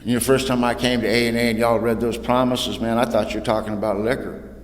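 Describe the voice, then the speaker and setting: A Californian man shares his recovery story at an AA meeting, speaking at medium pitch with a level tone and a quick pace. His delivery is folksy and anecdotal, sprinkled with "man" and "you know," and the echoey hall carries faint room noise.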